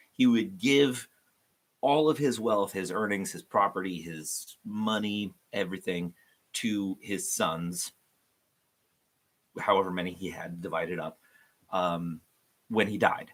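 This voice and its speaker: Deep-voiced man, rambling and jokey. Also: a bit bright. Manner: rambling, joking, self-deprecating, many fillers. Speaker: youth devotional host. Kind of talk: casual livestream devotional talk.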